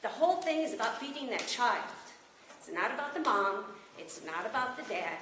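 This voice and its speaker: A woman's voice: a little high, very animated, fairly quick. A woman giving an earnest, rambling, emotional public comment at a county board meeting. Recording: echoey room, distant mic, noticeable noise.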